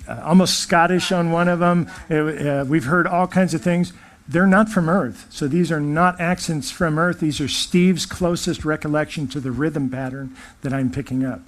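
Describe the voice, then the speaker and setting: Man channeler, chatty and self-deprecating, laughs easily, voice a little high. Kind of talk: casual talk to an audience.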